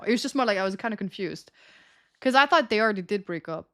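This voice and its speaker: A woman's voice: mid-range voice, expressive, quick pace, a bit bright. Giggly young woman streamer chatting. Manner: giggly, chatty, laughs often. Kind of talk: casual storytelling to chat.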